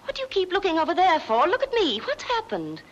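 A woman voicing a brisk, sensible wife who scolds and loses patience, in a radio play reading. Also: very high voice, huge pitch swings, muffled recording, slight background noise, heavily acted. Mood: scolding.

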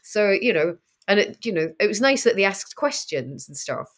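A woman's voice: medium pitch, very animated, normal speed. A woman in her fifties with a Scottish accent, chatting as an interview guest and laughing often. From Scotland. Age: 50s. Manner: chatty, laughing, acts out quoted voices. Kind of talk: casual interview chat.

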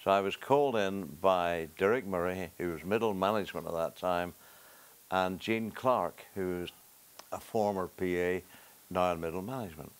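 A man's voice: sits low, moderate pace, clear, resonant tone. An older man with a Northern Irish accent, a talk show guest telling a casual anecdote and acting out the quotes. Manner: storytelling with acted-out quotes. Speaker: talk show guest, former sports broadcaster.

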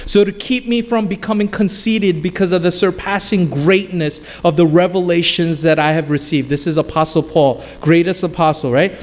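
A man with a fairly high voice preaches in a church sanctuary, and his words linger in a long reverb. His delivery swings up and down with emphasis, and a faint hiss sits beneath it. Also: darkish tone. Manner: emphatic, rising and falling preaching cadence. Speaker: pastor. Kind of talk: sermon.

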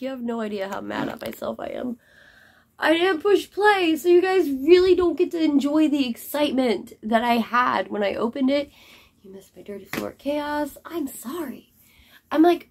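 A young woman vlogger chatting casually to camera, chatty and quick to apologize. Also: a little high, darkish tone, a little hiss or hum. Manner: chatty, apologetic, says y'all.

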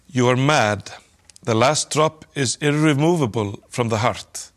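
Earnest worried children, read by a man, storybook, mid-pitched. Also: unhurried, close to an everyday voice. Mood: pleading. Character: group of pleading, worried children.

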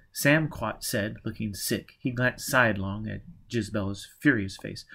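A man's voice: fairly low pitch, animated, moderate pace, gravelly, few pauses, fairly bright tone, slightly rough. Man reading a novel aloud. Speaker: audiobook reader. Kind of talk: audiobook narration.

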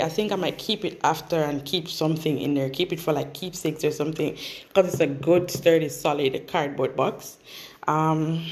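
A woman's voice: lowish voice, a little mellow. A woman with a Jamaican accent chatting casually for a storytime vlog. She rambles along with asides and fillers. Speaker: vlogger. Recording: roomy echo.

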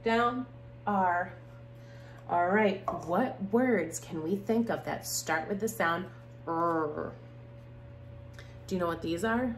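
A preschool teacher woman speaks slowly and patiently in a sing-song lilt, her voice climbing brightly on rhymes and praise. Her voice echoes around a room, with a faint hum in the background. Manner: slow, sing-song and encouraging, rising high on rhymes and praise. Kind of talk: video lesson for young children.

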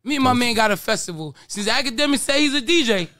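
Brash male host, high-pitched, rapid and bright, ribbing his guest nonstop. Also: lively intonation, no echo, clean studio sound. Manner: brash, teasing, swearing freely. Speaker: show host. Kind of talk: boisterous podcast banter.

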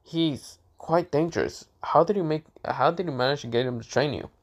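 A man's voice: a little high, normal speed, pitched above the performer's own voice. A man voicing a pushy, curious teenage girl classmate who asks prying questions with indignant snaps.

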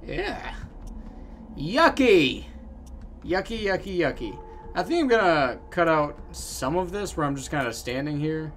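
A man giving casual gameplay commentary, animated with loud outbursts and self-mocking jokes. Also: on the high side, normal speed, hardly any pauses, a little hiss or hum. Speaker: gaming video host.

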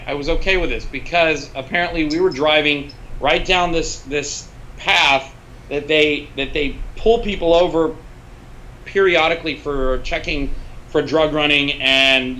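A man's voice: fairly high pitch, moderate pace, a little hiss or hum, rough recording. A man, a film cinematographer, telling casual stories as a guest on a podcast and swearing freely along the way. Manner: animated, swears freely, uses filler words. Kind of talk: casual storytelling in a podcast interview.

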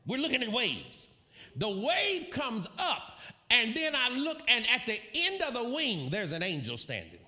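A man preaching a sermon, telling a story with animated, shouted quotes and bursts of laughter. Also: very high voice, a little slow. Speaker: pastor.

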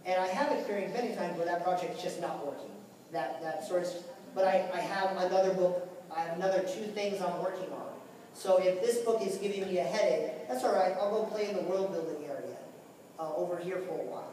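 A male author on a convention panel talks casually and energetically, stammering and repeating words often, in a session with audience Q&A. His voice is high-pitched and brisk with a darkish tone. He is far from the recording mic in a large, echoey convention hall, with slight background noise.

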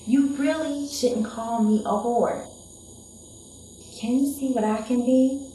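A woman's voice: on the high side, slow, mellow, slight background noise. A woman playing a broken, pleading young woman. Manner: pleading, emotionally raw delivery. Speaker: actress performing dramatic poems. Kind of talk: dramatic poetry performance. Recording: echoey room.

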